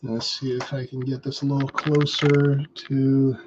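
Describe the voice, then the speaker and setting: Slow flat-voiced guy painting minis on a stream, dull lo-fi audio, just chatting along. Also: mid-range voice, noisy background. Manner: relaxed, thinking aloud, chatting with viewers. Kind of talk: casual live-stream talk while painting. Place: indoors at a hobby table.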